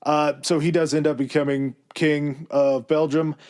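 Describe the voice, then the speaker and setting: A man's voice: fairly high pitch, flat delivery, a little slow, a little mellow. A man co-hosting a history podcast, telling it in a loose, conversational way with fillers and asides. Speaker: podcast co-host presenting the history. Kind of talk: casual history podcast chat.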